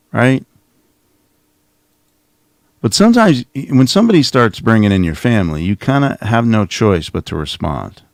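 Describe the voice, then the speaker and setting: A man with a very low, gravelly voice hosts a casual commentary on clips. He mocks and teases, and his pitch swings widely as he talks. The sound is dry and close. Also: very animated, moderate pace, long pauses, dry recording. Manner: mocking, sarcastic, thinks aloud with restarts. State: coughing. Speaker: host reacting to clips.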